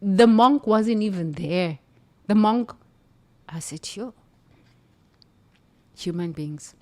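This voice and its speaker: A woman from the United States recounts her time as a nun in a lively, emphatic monologue. She speaks in a middle-pitched voice and often laughs between her lines. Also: slow. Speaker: former nun, storyteller. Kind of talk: spiritual storytelling monologue.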